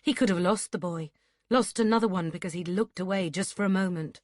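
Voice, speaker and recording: This is scripted audiobook narration by a woman whose pitch sits fairly low. She reads steadily and with measured care, in clean studio audio with no room sound.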